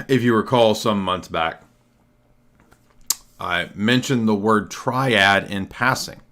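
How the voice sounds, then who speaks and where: A man hosting a livestream, delivering combative, sarcastic commentary and often clearing his throat. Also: on the low side, slow pace, bright, forceful tone. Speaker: livestream host. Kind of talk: argumentative solo commentary.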